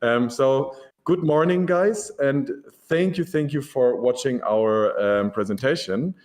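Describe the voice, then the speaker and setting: A man's voice: mid-range voice, unhurried, darkish tone. A man giving a casual, enthusiastic conference presentation, laid-back and full of ums.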